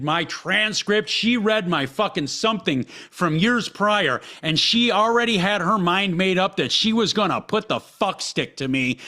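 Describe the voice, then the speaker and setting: A man's voice: a little high, bright, forceful tone. A man hosting a podcast, telling a personal story in a heated, blunt way with constant swearing. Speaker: podcast host.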